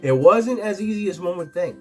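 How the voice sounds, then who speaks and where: A man's voice: high voice, expressive, a little fast, soft background music. A young man hosting a tier list video, chatting casually and sarcastically with crude jokes. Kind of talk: casual commentary ranking movies.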